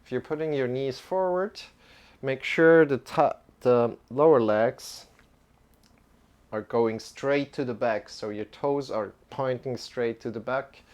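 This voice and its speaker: A male yoga teacher talks students through a live-streamed class. He speaks slowly and calmly, pausing and restarting his sentences as he goes. His voice sits at a mid pitch. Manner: calm, halting, with many restarts.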